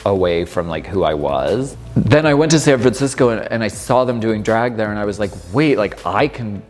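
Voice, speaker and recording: A man's voice: lowish voice, expressive, a little fast, darkish tone. A man in his thirties, a drag performer casually reacting to his old footage, chatty and amused. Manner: chatty, amused, lots of filler "like". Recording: long room reverb with faint music.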